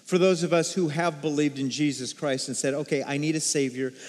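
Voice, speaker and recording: High-voiced pastor preaching in a reverberant hall. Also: male voice, brisk. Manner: energetic, call-and-response with congregation. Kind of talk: sermon. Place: church sanctuary.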